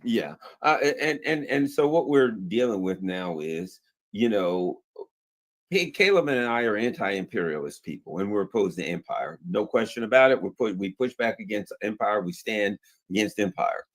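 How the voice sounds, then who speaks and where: A man's voice: fairly low pitch, normal speed. A man co-hosting a political talk show, talking animatedly with many restarts and sarcastic mock quotes. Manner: animated, restarts often, mocks opponents in put-on quotes. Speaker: co-host. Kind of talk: political commentary chat.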